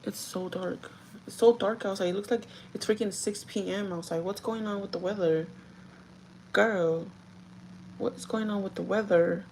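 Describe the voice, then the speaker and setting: A woman's voice: mid-range voice, steady tone, normal speed, creaky, a little mellow, slight background noise, rough recording. A woman chatting casually to her live viewers while doing her makeup, talking straight to them and laughing often. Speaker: livestreaming vlogger and store manager.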